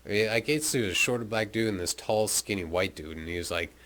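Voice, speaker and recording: A man's voice: lowish voice, brisk, fairly bright tone. A man from North America telling a rambling, profane travel anecdote in a laid-back, casual way. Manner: profane, laid-back storytelling with frequent fillers. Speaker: storyteller recounting travels.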